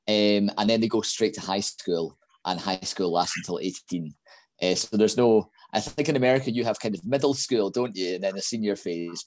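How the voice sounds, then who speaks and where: A Scottish man, a primary school teacher, talking as a guest in a podcast interview, friendly and quick to laugh, with many ums as he explains. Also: fairly low pitch. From Scotland.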